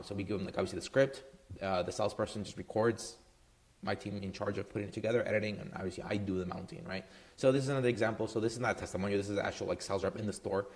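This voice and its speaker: Here a man who owns a marketing business gives casual advice directly to camera, speaking loosely and conversationally with many "um"s and points ending in "right?" His voice is lowish and a little mellow, in a talking-head format.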